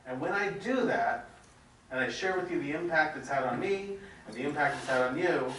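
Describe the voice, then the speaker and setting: A man's voice: a little high, fairly bright tone. Man coaching a seminar, echoey room. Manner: earnest, asks questions and calls on people. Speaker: seminar leader. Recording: echoey room from far off with noise.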